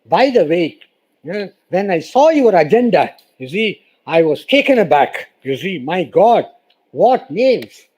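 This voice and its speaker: A man's voice: sits high, big pitch swings, unhurried, darkish tone, breathy edge, poor audio. A man gives a formal lecture as a guest speaker, emphatic and repeating "you see" often. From India.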